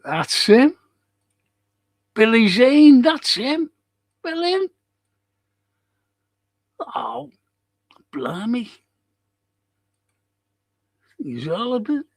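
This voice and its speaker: A man's voice: very high voice, a bit bright. A man hosting a live-streamed local history show, chatting casually with viewers, rambling and swearing freely.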